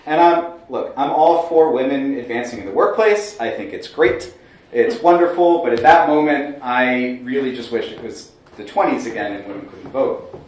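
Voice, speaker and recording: A man in his thirties telling a comic personal story on a small stage, lively with wry asides. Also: medium pitch, normal speed. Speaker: solo storyteller. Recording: very echoey room, mic far off.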